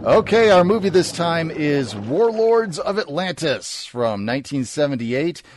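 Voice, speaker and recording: A man from the American Midwest, hosting a film podcast in friendly, relaxed chat. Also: fairly high pitch, unhurried, a little hiss or hum. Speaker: podcast host. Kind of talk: casual chat.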